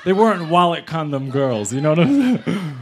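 A young man from New York City telling a comic story live, animated and jumping into voices of the people in it. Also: a little high, moderate pace, a little hiss or hum. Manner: animated, acts out other people's lines.

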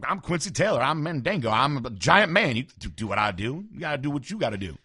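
A man voicing a loud, brash, boastful giant bodybuilder with a swaggering delivery. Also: mid-range voice, big pitch swings, racing, slightly rough, no echo, clean studio sound. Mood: boisterous.

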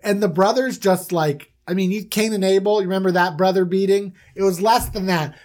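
A woman's voice: medium pitch, a little fast, a little mellow. A woman retelling a story in an irreverent, playful comedic style.

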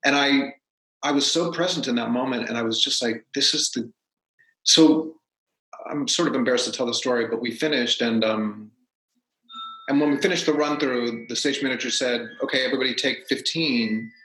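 Animated man telling stories in a roomy space. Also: medium pitch, moderate pace. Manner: animated, acts out quotes. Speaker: guest, stage actor. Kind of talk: casual storytelling. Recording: roomy echo.

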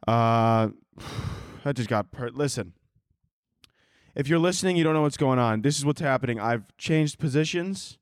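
A man's voice: mid-range voice, animated, measured pace, smooth, no room sound, studio quality. A young man hosting a solo comedy podcast, rambling and self-mocking, swearing freely and jumping between tangents while holding his microphone. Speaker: podcast host. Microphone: handheld microphone.

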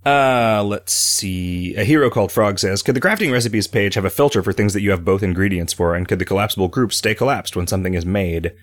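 Deep-voiced rambling podcast man. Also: brisk, few pauses, no room sound. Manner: rambling, reads listener questions aloud. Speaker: podcast host and game developer. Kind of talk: casual podcast chat.

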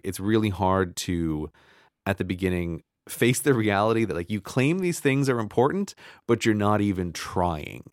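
A man with a low voice chats casually about a book on a podcast. He sounds enthusiastic and loose, leaning on fillers and restarts. The recording is dry and close. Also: dry recording. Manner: enthusiastic, filler-heavy, teasing. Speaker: podcast co-host.

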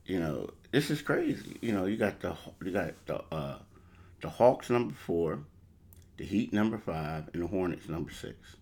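A man's voice: deep voice, a little mellow. A man hosting a casual sports talk show, rambling and repeating himself as he talks through the standings. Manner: rambling, repeats "you know" and "crazy". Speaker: sports podcast host.

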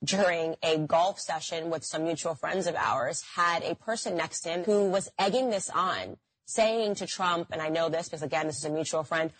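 A woman podcast host recounting a personal story with earnest grievance. Her voice is husky and the recording sounds dry and close. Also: on the low side, moderate pace, no room sound, rough recording.

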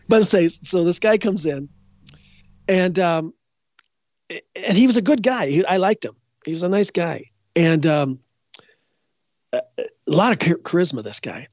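Speaking at a moderate pace with frequent pauses, this expressive, medium-pitched psychic guest tells interview stories loosely, restarting sentences, self-correcting, and voicing other people's words. There's no room sound, and the audio is dull, dry and lo-fi.

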